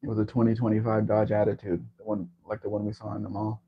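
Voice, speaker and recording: A man's voice: on the low side, completely flat delivery, quick pace, a little hiss or hum. A man hosting a casual livestream chat, talking in a rambling, chatty way. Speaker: livestream host. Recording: dull lo-fi stream audio.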